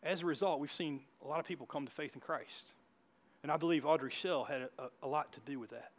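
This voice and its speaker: A man's voice: a little high, fast, a bit bright. A man preaching a sermon as pastor, telling stories in a church with frequent restarts and asides. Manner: storytelling with many restarts and asides. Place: church hall.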